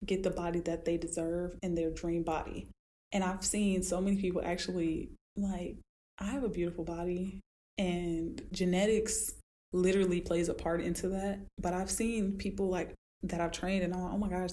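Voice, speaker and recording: A woman hosting a solo podcast as a fitness trainer, talking casually and acting out her clients in high squeaky voices as she tells stories. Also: a little hiss or hum. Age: adult with a daughter. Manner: animated storytelling, acts out clients in high voices.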